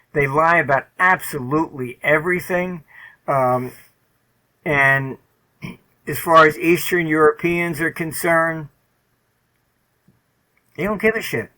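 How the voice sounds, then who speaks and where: An older man speaks as an interview guest, blunt and loose, full of fillers and the odd swear. His voice is bright and forceful, sitting a little higher than most men's. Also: low-quality recording. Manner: blunt, rambling, many "um" and "you know" fillers, swears. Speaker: interview guest, market forecaster. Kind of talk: casual interview talk, storytelling.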